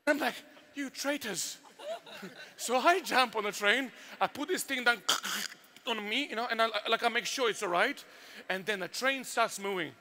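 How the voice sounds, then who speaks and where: A man with a Serbian accent telling stories and preaching at a youth workshop, animated and full of sound effects. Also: very high voice, normal speed, slight background noise. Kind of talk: storytelling youth workshop talk.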